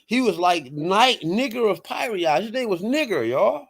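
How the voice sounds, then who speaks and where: A man's voice: high voice, very animated, measured pace. A man hosting an online show, reading aloud and arguing heatedly, repeating "right?" and "people" as he pushes his point. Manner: emphatic, repeats "right?" and "people", rising to loud outbursts. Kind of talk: heated casual commentary reading from screen.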